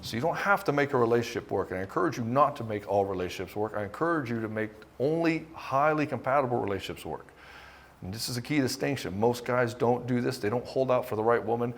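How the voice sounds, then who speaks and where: A man's voice: medium pitch, fast talker. A man coaching husbands on relationships, talking bluntly and casually, swearing freely and hammering points in short bursts. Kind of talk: direct-to-camera coaching talk.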